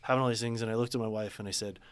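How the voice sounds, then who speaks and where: Guest business coach, man, earnest, lively storyteller in casual chat. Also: fairly low pitch, rapid-fire, clean tone. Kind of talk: casual interview talk.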